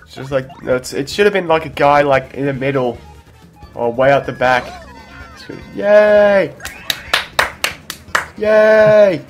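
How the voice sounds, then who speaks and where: A man's voice: mid-range voice, moderate pace, dull audio, faint music behind. A man co-commenting on a let's play, chatting casually and hesitating with fillers and restarts.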